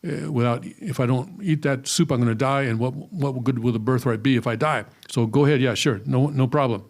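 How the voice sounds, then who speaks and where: A man's voice: mid-range voice, a little fast, close to an everyday voice. Man voicing a starving older brother, impatient, careless, offhand.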